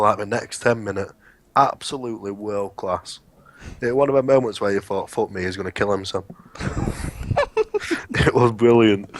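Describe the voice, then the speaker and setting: A man with a lowish voice co-hosts a casual podcast chat, telling workplace stories bluntly and with plenty of swearing. The sound is dry and close, with no room around it. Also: no echo. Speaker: podcast co-host.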